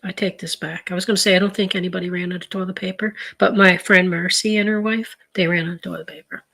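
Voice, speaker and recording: This vlogger talks fast in a fairly low, gravelly voice that's a little bright, keeping her tone steady. A middle-aged woman from eastern Canada, she chats casually about her grocery haul, rambling through stories with frequent fillers and restarts.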